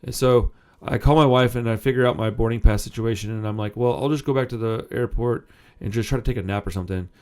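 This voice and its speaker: A man's voice: medium pitch, quick pace, darkish tone. Rambling man telling a story. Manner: rambling, self-interrupting, swears casually. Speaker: punk music channel host. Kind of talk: casual storytelling to camera.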